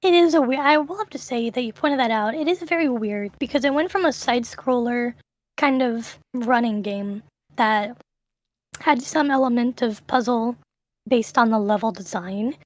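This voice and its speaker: A woman's voice: fairly high pitch, moderate pace, dry recording. Emphatic woman interviewer, dry sound. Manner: emphatic, enthusiastic opinions. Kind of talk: casual chat about games.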